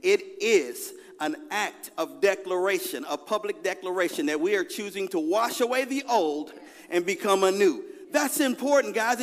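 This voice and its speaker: Lively preaching man in a reverberant hall. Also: sits high, brisk. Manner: lively, conversational preaching with call-and-response. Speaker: pastor. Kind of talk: sermon with personal story. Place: large church sanctuary.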